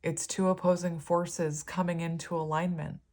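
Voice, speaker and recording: A woman's voice: on the low side, little pitch movement, moderate pace, a little mellow. A woman giving a casual tarot reading, talking in a rambling, filler-heavy way and easily moved. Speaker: tarot reader.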